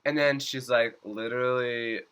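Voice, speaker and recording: A man's voice: medium pitch, fairly even intonation, moderate pace, fairly bright tone, clear, resonant tone. A young man giving a casual episode recap, chatty, leaning on "like" and acting out lines in swooping voices. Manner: chatty, says "like" constantly, acts out quotes in swooping voices. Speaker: reaction vlogger.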